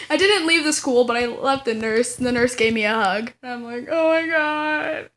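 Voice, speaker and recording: A woman's voice: a little high, moderate pace, a bit bright. A young woman telling a storytime vlog to the camera, giggling and dramatic as she tells it. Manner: giggly, dramatic, breaks into laughing. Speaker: vlogger.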